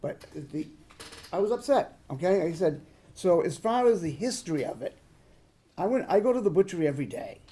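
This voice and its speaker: Mellow-voiced man rambling in his own defense. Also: fairly high pitch, very animated, brisk, slightly rough. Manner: rambling, repeats "okay?", retells quoted exchanges. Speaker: board member defending himself. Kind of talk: unscripted account at a public meeting. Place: town board meeting room.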